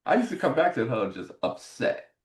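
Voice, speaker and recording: A middle-aged man, a former football player, telling stories in a casual interview and getting animated as he recalls his frustrations. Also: fast. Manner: animated, jumps high in pitch when retelling frustration.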